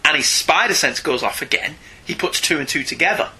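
A man co-hosting a casual comics podcast, animated and often laughing, with quick asides. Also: fairly high pitch. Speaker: podcast co-host. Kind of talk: casual chat about comics.

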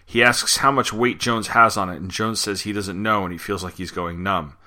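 A male podcast host retells and reviews a war comic in a conversational way, with occasional fillers. His voice sits a bit low but has a bright, forceful edge. He sounds like he is talking straight to the listener. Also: steady tone, normal speed. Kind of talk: comic book recap and review.

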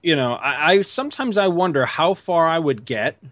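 A middle-aged man hosting a podcast, telling a story in a casual, animated way, jumping up in pitch to act out what people said. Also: normal speed, no echo. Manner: animated, acts out quotes with big pitch jumps and laughs. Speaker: podcast host.

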